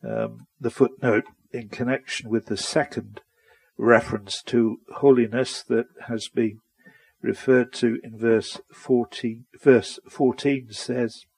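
A man with a husky voice reads out and explains a passage at a very slow, measured pace. He hesitates often with fillers, and the sound is dry and close. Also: mid-range voice, steady tone, darkish tone, no echo. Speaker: Bible study participant. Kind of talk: casual group Bible study discussion.

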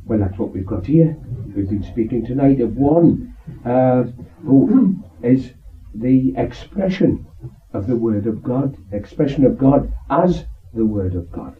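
A man in a Bible study discussion, measured in speech and often agreeing. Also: mid-range voice, animated. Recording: distant, tinny phone-like recording.

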